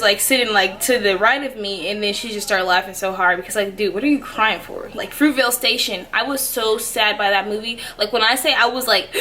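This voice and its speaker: Bright-voiced young woman vlogger, rambling. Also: mid-range voice. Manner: rambling, filler-heavy, many "like"s. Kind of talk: casual chat to camera.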